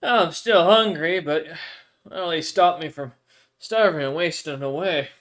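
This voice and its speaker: A man voicing an ancient, friendly male desert stranger who is chatty and grateful and speaks slowly. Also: a little high, fairly bright tone, voice pushed up.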